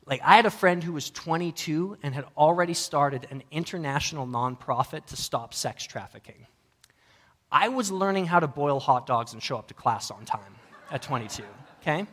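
A pastor giving a sermon in a relaxed, conversational way, telling stories with frequent fillers and self-deprecating humor. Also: male voice, on the high side.

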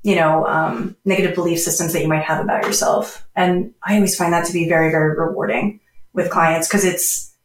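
A woman's voice: lowish voice, steady tone, a little fast, slight background noise. A woman psychologist talking casually on a podcast, chatty, often laughing and using many fillers. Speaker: psychologist guest. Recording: roomy distant mic.

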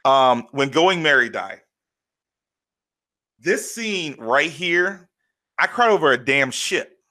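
Man, bright voice, animated, casual podcast chat, acts out quotes. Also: on the high side, slow pace. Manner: animated, retells scenes with acted quotes. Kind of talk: casual chat recapping an anime.

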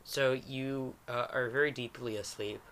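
A man's voice: medium pitch, steady tone, unhurried, fairly bright tone, a little hiss or hum. A man running a tabletop game as game master, rambling and self-deprecating as he narrates and jokes.

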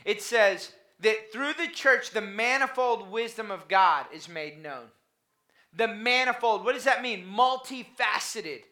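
Bright-voiced pastor preaching in echoey church. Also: male voice, sits high, lively intonation, unhurried. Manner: conversational, anecdotal preaching with dad jokes. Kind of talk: sermon.

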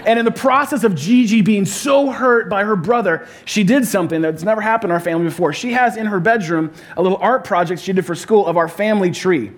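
Pastor, male, high-pitched, easygoing storyteller with a light comic touch. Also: fast, hardly any pauses. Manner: humorous storytelling, conversational. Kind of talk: sermon.

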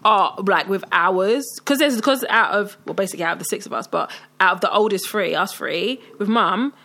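A woman's voice: mid-range voice, lively intonation, vocal fry, bright, forceful tone. A young woman, chatting casually as a podcast co-host and using emphatic slang. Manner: slangy, emphatic, quick reactions. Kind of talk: casual chat.

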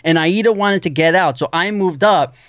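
A man chatting casually, telling a lively anecdote and quoting what others said. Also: high voice, moderate pace, clean tone, dry recording, studio quality. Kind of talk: casual chat.

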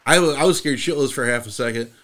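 A man co-hosting a casual podcast, laughing along and telling a relaxed, profane story from his youth. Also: mid-range voice, fast talker. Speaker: podcast co-host. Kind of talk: casual chat.

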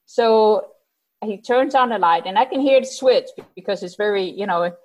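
A woman casually telling a personal story out loud, animated, laughing often and acting out the lines she quotes. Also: medium pitch, normal speed, highs cut off. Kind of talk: casual spoken anecdote.

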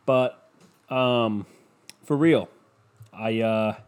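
A man hosting a casual monologue, swearing constantly and rambling from one story to the next, with sudden high-pitched outbursts. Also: very slow, clear, resonant tone.

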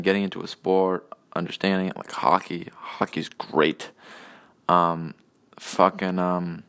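Young guy, low voice, solo rant, cursing and restarting constantly. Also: fairly bright tone, smooth. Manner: swears a lot, halting with many restarts. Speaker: solo podcast host. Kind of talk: rambling personal rant.

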